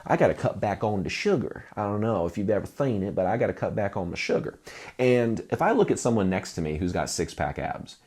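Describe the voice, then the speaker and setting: A man's voice: fairly low pitch, expressive, fairly quick, a little mellow, husky. A man coaching musicians in a conversational, self-deprecating talking-head video, often checking in with "right?".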